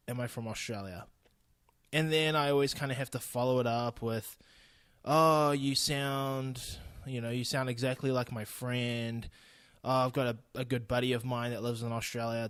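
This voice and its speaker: A young man from New Zealand with his accent, chatting bluntly through a solo podcast, laughing easily and swearing without a second thought. His voice sits at an ordinary middle pitch. The sound is close and dry, with no room around it. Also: no room sound. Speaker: podcast host. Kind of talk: casual solo podcast monologue.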